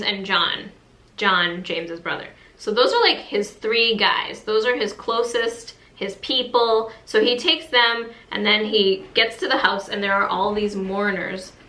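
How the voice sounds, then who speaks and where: A young woman leads a casual Bible study, her tone earnest and conversational as she reads verses aloud and explains them. Her voice is bright and forward. The room around her rings with a noticeable echo. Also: mid-range voice.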